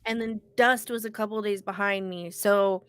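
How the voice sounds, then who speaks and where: A woman's voice: mid-range voice, steady tone, moderate pace, clear, resonant tone, no echo. A woman co-hosting a casual podcast, telling a story with lots of animation and casual swearing, her voice congested from illness. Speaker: co-host.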